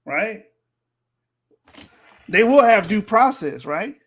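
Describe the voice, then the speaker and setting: A man's voice: sits high, sing-song, takes it slowly, fairly bright tone. A man hosting a reaction stream, teasing and sarcastic, breaking into laughter and mocking sing-song as he comments on clips. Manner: teasing, sarcastic, laughs often, sings jeering lines.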